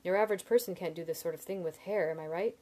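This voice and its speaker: A woman voicing an excitable young man who turns loud and shrill when alarmed. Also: fast talker, lightly acted. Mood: curious.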